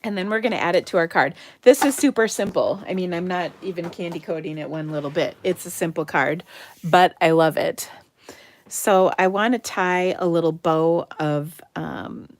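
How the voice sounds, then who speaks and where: A middle-aged woman from Minnesota hosting a live card-making demo, chatty and enthusiastic, dropping into soft muttered asides as she works. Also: fairly low pitch, normal speed, no room sound. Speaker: craft livestream host.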